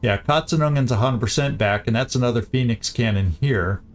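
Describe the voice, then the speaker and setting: A man's voice: medium pitch, fairly quick. Man thinking aloud over game music. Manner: thinks aloud, repeats words, muttering asides. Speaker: gaming streamer. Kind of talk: casual gameplay commentary.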